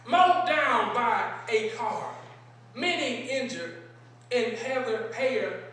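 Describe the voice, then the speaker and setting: Slow, high-voiced preacher in an echoing sanctuary. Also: sharp tone. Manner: rhetorical questions, repeated phrases. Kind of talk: sermon. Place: large synagogue sanctuary. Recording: echoey sanctuary from a distance.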